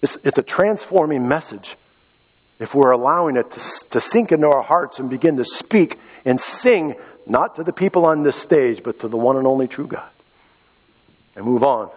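A man's voice: medium pitch, lively intonation, moderate pace, breathy edge. A middle-aged man from western Pennsylvania preaching a sermon as pastor, impassioned and repeating key phrases. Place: church sanctuary. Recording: echoey hall, dull lo-fi sound.

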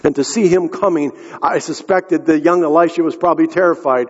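Husky man preaching in an echoey hall. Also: on the high side, a little fast. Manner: earnest storytelling, addresses the congregation directly. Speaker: pastor. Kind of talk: sermon. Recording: echoey hall, dull lo-fi sound.

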